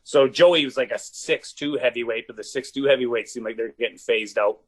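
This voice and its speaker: A man who is a comedian guest telling rowdy stories in casual chat, animated and swearing, often laughing. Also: mid-range voice, fairly quick. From Canada. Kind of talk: casual storytelling.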